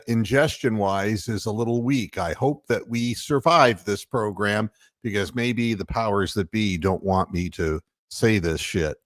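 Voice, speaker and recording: A man's voice: fairly low pitch, dry recording, clean studio sound. A man from Ohio hosting a casual sports talk show, rambling and heated, full of fillers and mocking quotes. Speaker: podcast host.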